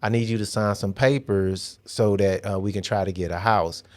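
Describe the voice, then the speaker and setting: A man's voice: on the low side, fairly even intonation, moderate pace. A middle-aged man casually telling how he proposed, in a playful, joking way. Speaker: co-host telling his proposal story. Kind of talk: casual chat.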